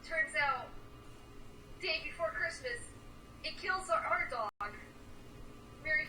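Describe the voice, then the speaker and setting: A young woman with a very high voice tells rambling, filler-heavy stories as a guest on a casual stream. She sounds far from the mic in a roomy, echoing space, and clear noise sits behind her. The mic is distant and noisy. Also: slow, pushed and bright. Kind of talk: casual chat.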